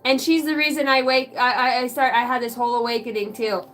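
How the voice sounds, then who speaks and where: A woman's voice: on the high side, fairly even intonation, fast talker, a bit bright, recorded from a distance, low-quality recording. A woman hosting a card-reading livestream, venting in a rambling, profane way and chatting with viewers by name. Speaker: oracle card reader and livestream host. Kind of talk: casual livestream rant.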